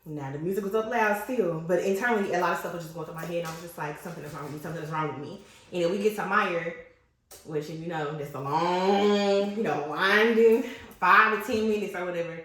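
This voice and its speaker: A woman in her twenties telling a personal story in casual, slangy podcast chat. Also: mid-range voice. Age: 20s. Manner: animated, candid, slangy storytelling. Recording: very echoey room.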